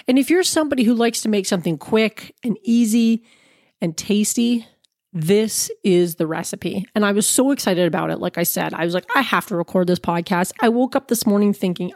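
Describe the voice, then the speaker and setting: A middle-aged woman from Canada hosting a casual food podcast, chatty and animated, telling stories with bursts of excitement. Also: mid-range voice, dry recording, studio quality. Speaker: podcast host. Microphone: podcast mic.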